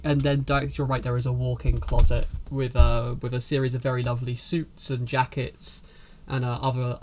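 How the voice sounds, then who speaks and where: A man narrating as game master in a tabletop role-playing game, describing scenes with many pauses and restarts. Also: mid-range voice. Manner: hesitant, lots of restarts; laughs often.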